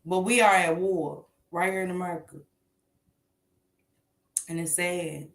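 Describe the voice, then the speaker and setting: A woman's voice: lowish voice, fairly even intonation, a little slow, echoey room. A woman hosting a casual morning commentary show, talking bluntly and emphatically with plenty of swearing.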